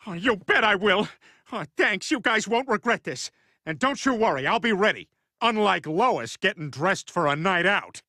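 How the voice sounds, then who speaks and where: A man's voice: sits high, animated, normal speed, sharp tone, no room sound, studio quality, exaggerated voice. An actor voicing a dim, boastful middle-aged cartoon family man who tells goofy, rambling jokes.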